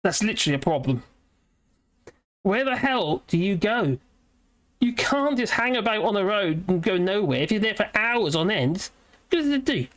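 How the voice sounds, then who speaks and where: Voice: mid-range voice, very animated, normal speed, fairly bright tone. A British livestream host chatting in a rambling way, reading viewer comments aloud and laughing often. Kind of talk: rambling live chat.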